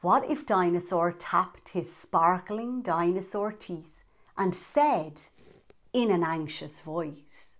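A woman reading a picture book aloud to young children, lively and asking them questions. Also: fairly low pitch, takes it slowly. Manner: lively, asks the listener questions. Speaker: children's storyteller.

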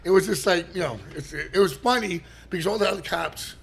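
A man, a podcast guest telling stories in casual chat, animated and profane and laughing often. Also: high-pitched, fairly quick, vocal fry, slightly rough.

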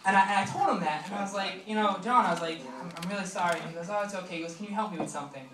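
A young male stand-up comedian delivers his set on a comedy club stage in a high voice. His style is chatty and filler-heavy, with fast asides to the crowd. The recording carries roomy club acoustics, a far mic, and noise.

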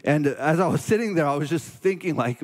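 A man in his forties, a pastor, preaching a sermon in an earnest, halting way that turns emotional and confessional. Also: on the high side, animated, darkish tone, long reverb tail.

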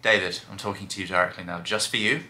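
A young British man co-hosting a couple's channel, chatting casually and jokily as he reacts to comments. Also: sits low. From United Kingdom. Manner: jokey, animated, quick asides. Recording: echoey room.

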